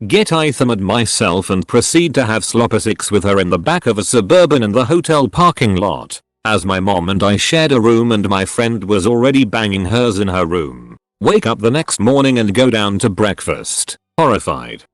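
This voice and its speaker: A man narrating a series of anonymous stories in a steady, matter-of-fact scripted reading. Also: fairly low pitch, normal speed, few pauses, no room sound, studio quality.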